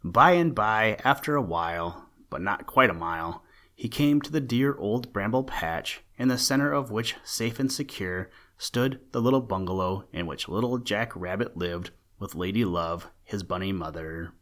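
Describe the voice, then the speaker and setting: Male narrator, low-ish voice, gentle children's storybook reading. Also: animated, moderate pace. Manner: gentle, old-fashioned storytelling.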